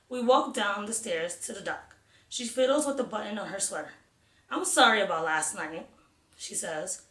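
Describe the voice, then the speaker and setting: A woman narrating a novel in the first person, reading steadily and with expression. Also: mid-range voice. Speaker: audiobook reader. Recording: roomy echo.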